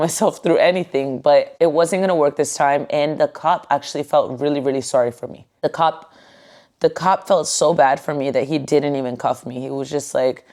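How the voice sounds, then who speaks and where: Low-voiced woman telling her own story. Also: a little mellow. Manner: goofy, joking, candid with casual swearing. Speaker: podcast host. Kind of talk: casual personal storytelling. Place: at home on her couch.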